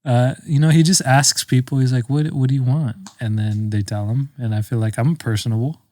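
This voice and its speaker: A man's voice: medium pitch, steady tone, brisk, dark tone, no echo. Laughing young man, dry close sound. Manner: joking, laughs often. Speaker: podcast co-host. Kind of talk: casual chat.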